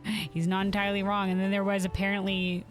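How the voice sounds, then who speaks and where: A woman's voice: medium pitch, little pitch movement, brisk, faint music behind. A woman streamer chatting casually over her gameplay, giggly and self-deprecating.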